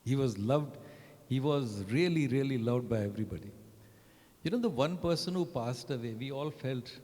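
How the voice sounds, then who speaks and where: A man's voice: medium pitch, lively intonation, moderate pace, a little mellow. A man, telling anecdotes as a panel guest in a chatty way, often tagging sentences with "right?". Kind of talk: anecdotal storytelling. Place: event hall. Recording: long reverb of a large hall.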